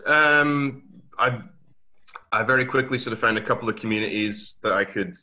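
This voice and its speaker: A young man from Switzerland, a native Swiss German speaker, with an Aberdeen Scottish accent and American traces, chatting as a guest in a relaxed way with many restarts. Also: on the low side. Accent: Aberdeen Scottish mixed with Swiss and American traces. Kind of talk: casual interview chat. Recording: dull lo-fi audio.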